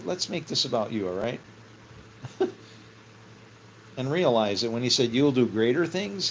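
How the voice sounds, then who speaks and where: A man's voice: mid-range voice, fairly bright tone, a little hiss or hum, low-quality recording. A middle-aged man musing casually on faith, rambling, often laughing and swearing offhand. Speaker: vlogger.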